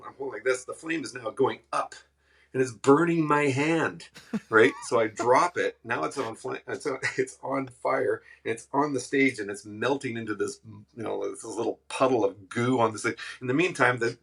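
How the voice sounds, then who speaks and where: Gravelly-voiced man telling road stories. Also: medium pitch, moderate pace. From Western Canada. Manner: animated, laughing anecdotes with acted quotes. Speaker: musician guest. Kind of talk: casual storytelling.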